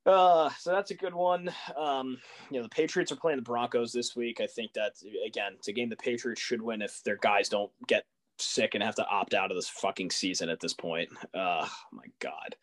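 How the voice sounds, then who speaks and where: Animated young man ranting about sports. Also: mid-range voice, normal speed. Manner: animated, exasperated rants with rising questions. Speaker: podcast co-host. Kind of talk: casual sports chat.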